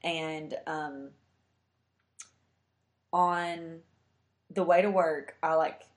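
A young woman with a low voice tells a heartfelt personal story, chatty and loose with fillers. The room around her sounds echoey and roomy. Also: fairly even intonation, drawn-out words. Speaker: guest telling a personal story. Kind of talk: casual storytelling.

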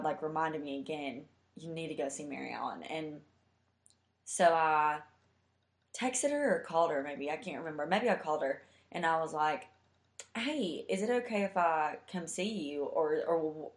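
Low-voiced young woman telling a story. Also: moderate pace, roomy sound. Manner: chatty, heartfelt, many fillers. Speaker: guest telling a personal story. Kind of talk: casual storytelling.

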